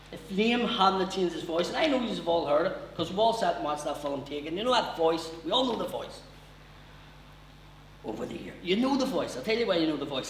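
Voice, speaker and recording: A man's voice: on the high side, recorded from a distance, slight background noise. Northern Irish man doing stand-up. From Northern Ireland. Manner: brisk, crude storytelling. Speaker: stand-up comedian. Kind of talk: stand-up comedy. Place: comedy venue with an audience. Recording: roomy venue, heard from afar.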